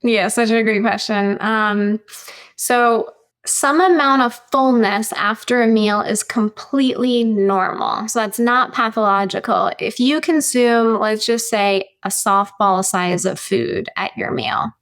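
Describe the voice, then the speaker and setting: A woman naturopathic doctor on a podcast, explaining clearly and methodically, listing points step by step. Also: a little high, a little slow, fairly bright tone.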